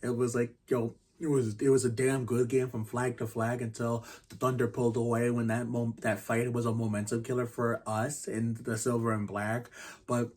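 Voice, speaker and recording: A man in his thirties hosting a casual basketball review vlog, rambling and restarting often and keeping his voice quiet. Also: mid-range voice, flat delivery, normal speed. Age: 30s. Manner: speaks quietly to keep the noise down. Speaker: channel host reviewing basketball games.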